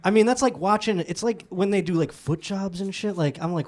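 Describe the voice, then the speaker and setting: A man's voice: high voice, fairly quick, a little mellow. A man riffing on stage as a comedian, crude and incredulous about the topics thrown at him. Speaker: stand-up comedian.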